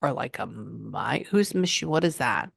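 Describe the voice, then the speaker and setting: A woman working as a psychic medium, giving a client a reading and passing on messages in an animated, chatty way. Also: rumbling low, measured pace, creaky, husky, dry recording, clean studio sound. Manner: animated, relays messages in quotes, frequent "hold on".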